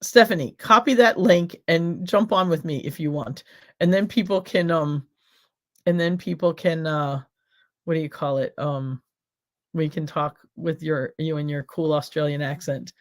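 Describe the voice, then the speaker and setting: A woman's voice: deep voice, unhurried. Chatty woman hosting a livestream. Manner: chatty, rambling, talks straight to viewers. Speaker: cooking show host. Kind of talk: casual livestream chat. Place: home, by a back window.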